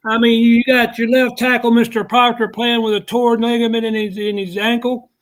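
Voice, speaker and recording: A man complaining in an exasperated, rapid-fire way as a sports talk co-host. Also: extremely high pitch, little pitch movement, low-quality recording.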